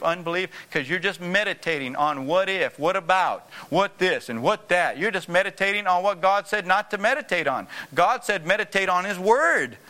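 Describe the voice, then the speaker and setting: High bright-voiced preacher calling out. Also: male voice. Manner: emphatic, repetitive, calls for congregation responses. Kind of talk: sermon.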